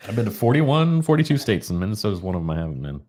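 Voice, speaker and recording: Man, low voice, swings up and down a lot, joking around in a live drinks chat, goofy accents. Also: very animated, racing, darkish tone. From Florida. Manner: playful, tries out silly regional accents. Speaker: podcast co-host. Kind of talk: casual live-stream chat over drinks.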